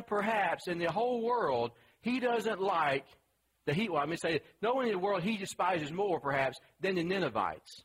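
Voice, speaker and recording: A man's voice: high-pitched, fairly bright tone, husky, low-quality recording. A man preaching a sermon in a conversational, emphatic way, asking the listeners questions.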